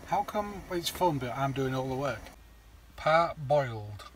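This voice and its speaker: A man's voice: mid-range voice, lively intonation, measured pace, a little hiss or hum, rough recording. Joking man grumbling through a cooking vlog. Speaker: vlogger cooking in a camper van. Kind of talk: casual chat. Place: camper van outdoors at a campsite.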